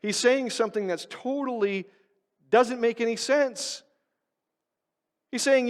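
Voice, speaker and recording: A male pastor giving an emphatic sermon, pushing his stresses loud and then dropping to quiet, low asides. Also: slow, pauses often, long reverb tail. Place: church sanctuary.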